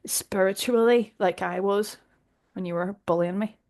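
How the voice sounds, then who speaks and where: A Northern Irish woman, a guest in a casual conversation, talking in a direct, animated way and often laughing. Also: medium pitch, measured pace. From Northern Ireland.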